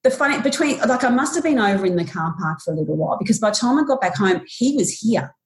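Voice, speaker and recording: With an expressive voice on the high side, a woman in her forties appears as a podcast guest and stumbles emotionally through a painful personal story, restarting many times. Quoted lines come out acted and louder.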